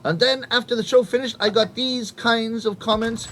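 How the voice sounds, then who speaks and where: Animated comedian around fifty, high voice, stage storytelling with acted-out punchlines. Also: male voice, normal speed. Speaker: rakugo comedian. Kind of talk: stand-up storytelling to a live audience.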